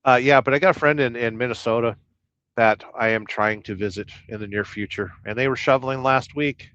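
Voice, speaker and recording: Chatting from inside his truck on a casual livestream, a man with a medium-pitched, slightly bright voice talks a little fast, rambling, joking, and reading viewer comments aloud. The sound is lo-fi with no echo.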